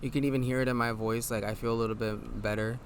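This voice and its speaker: A tired man with a nasal voice, hosting a podcast. He talks in a casual, reflective monologue and reads affirmations aloud in a low, laid-back way. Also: level tone, fast, a little hiss or hum. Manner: low, laid-back delivery with mild swearing. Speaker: podcast host.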